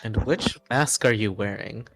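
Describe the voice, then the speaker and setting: A man's voice: on the low side, measured pace, a bit bright. Easygoing man at a tabletop game. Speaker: player. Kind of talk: casual tabletop role-play.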